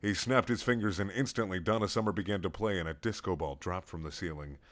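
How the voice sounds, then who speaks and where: A man's voice: low voice, fast. A man reading a playful fan story aloud as narrator. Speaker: reader.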